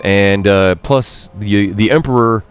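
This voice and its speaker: A man streaming a game, translating its lines aloud as he goes, halting and thinking aloud with lots of fillers and some self-mockery. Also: lowish voice, faint music behind. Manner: chatty and self-mocking, reads out character lines.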